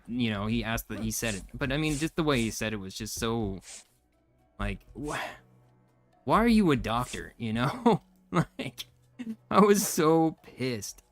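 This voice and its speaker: A man's voice: medium pitch, fairly bright tone. Casual man venting on a game stream. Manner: rambling, frustrated venting with frequent fillers. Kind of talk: casual live-stream chat while gaming.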